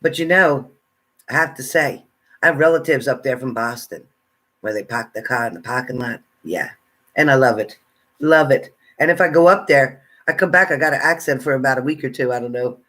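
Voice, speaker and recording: A relaxed man talks his way through a live stream. He greets viewers and reads their comments aloud in a casual, chatty way. His voice sits at an ordinary middle pitch. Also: brisk. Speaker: tarot reader greeting live chat.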